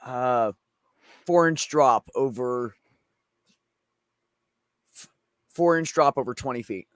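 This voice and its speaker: A man's voice: mid-range voice, slow pace, fairly bright tone, no room sound, studio quality. Profane rambling man telling stories. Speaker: streamer host. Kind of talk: casual chat.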